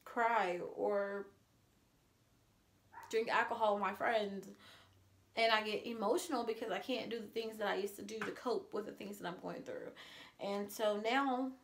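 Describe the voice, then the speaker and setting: A woman's voice: medium pitch, fairly bright tone. A woman talking to the camera in a casual personal vlog, earnest and confessional, at times emotional. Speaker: vlogger.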